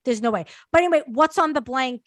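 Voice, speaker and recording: A woman's voice: high voice, no room sound. A woman hosting a podcast, chatting casually and earnestly, with frequent "um"s and agreeing "yeah"s. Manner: measured, earnest, lots of "um" and "yeah". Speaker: podcast host. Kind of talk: casual chat recap.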